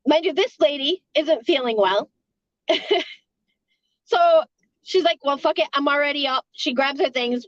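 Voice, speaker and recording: A woman's voice: high-pitched, fairly bright tone, no echo, dull audio. A woman who works a hotel front desk, telling a story casually, rambling, swearing freely and laughing between lines.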